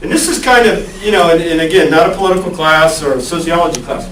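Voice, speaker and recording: A man's voice: a little high, quick pace, fairly bright tone, a little hiss or hum. A male college lecturer giving a conversational classroom lecture and asking the class questions. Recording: echoey classroom, far from the mic.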